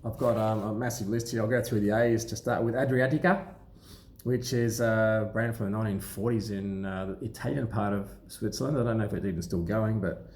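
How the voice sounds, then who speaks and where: A man with a somewhat low voice talks casually to camera, wandering through his points with plenty of ums and restarts. He sounds like a seasoned watch dealer sharing know-how. The room around him is noticeably echoey. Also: fairly quick. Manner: relaxed, rambling, lots of ums and restarts. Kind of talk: casual explanatory talk to camera. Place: sunlit indoor room.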